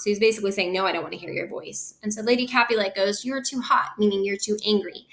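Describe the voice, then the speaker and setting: A woman's voice: mid-range voice, fast talker, hardly any pauses, fairly bright tone. Woman reading a play aloud for a class. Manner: switches between acted lines and casual explanation. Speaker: teacher reading and explaining a play. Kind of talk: dramatic reading with plain paraphrase.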